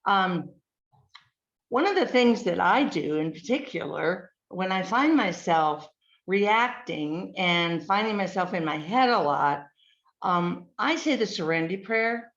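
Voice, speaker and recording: A woman giving a slide presentation, speaking in a measured way, listing words with frequent ums. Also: fairly low pitch, animated, fairly bright tone. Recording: dull lo-fi recording.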